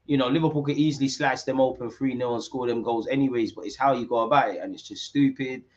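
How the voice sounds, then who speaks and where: A young man, commentating a football match live with street-slang banter and sudden shouts. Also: medium pitch, fairly even intonation, fast, dull audio. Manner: banter-heavy, mocking rival fans in street slang, bursts into shouts at big moments. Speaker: football watch-along streamer.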